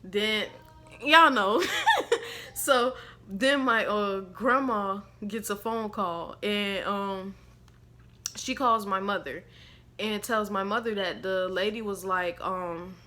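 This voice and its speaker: Bright-voiced chatty young woman storyteller. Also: medium pitch, slow pace. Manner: rambling, animated, slangy, laughs often. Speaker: storytime vlogger. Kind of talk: casual storytelling to camera.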